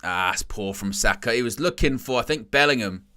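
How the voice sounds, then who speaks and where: A man talks through a football match in a relaxed, chatty way, with a bright, forceful voice. He's wry about the game and gets loud and excited when a chance comes. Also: mid-range voice, a little fast. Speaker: watchalong match commentator. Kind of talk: casual live match commentary.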